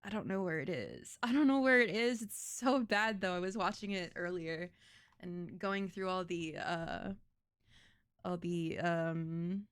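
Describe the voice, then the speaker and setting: A woman's voice: fairly low pitch, unhurried, clean tone, no room sound, studio quality. Chatty swearing woman streamer. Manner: swears freely, rambling, laughing. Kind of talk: casual reaction stream chat.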